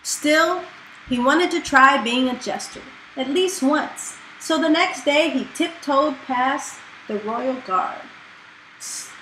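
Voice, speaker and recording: Brief: expressive female storybook reader, bright voice, echoey home recording. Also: high-pitched. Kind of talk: reading a children's book aloud. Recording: echoey room with faint noise.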